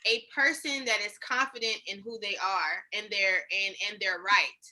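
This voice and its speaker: A young woman co-hosting a casual podcast, thinking aloud in a halting, reflective way. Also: mid-range voice, sharp tone, poor audio. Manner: reflective, halting, searching for words. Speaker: podcast co-host.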